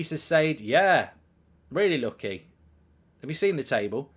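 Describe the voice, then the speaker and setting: Here a middle-aged man leads a live football watchalong, chatting in a relaxed way, relaying viewer comments, and erupting in loud excitement now and then. He speaks at a medium pitch and an ordinary speed.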